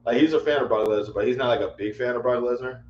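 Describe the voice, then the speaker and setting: A man's voice: mid-range voice, fast, darkish tone. Man, livestream host, rambling, exasperated, echoey room, dull lo-fi mic with faint hum. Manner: exasperated, rambling, repeats himself. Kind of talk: casual livestream chat.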